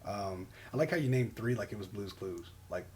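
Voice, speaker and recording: A man's voice: on the low side, lively intonation, a little fast, darkish tone. A man co-hosting a podcast in casual chat, laid-back and jokey, often saying "man" and laughing. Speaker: podcast co-host.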